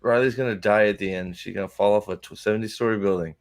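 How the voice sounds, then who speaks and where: A man's voice: lowish voice, quick pace, dry recording, clean studio sound. A man co-hosting a late-night casual chat, teasing and swearing as he spins out a wild story. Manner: profane, teasing, animated storytelling. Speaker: podcast co-host.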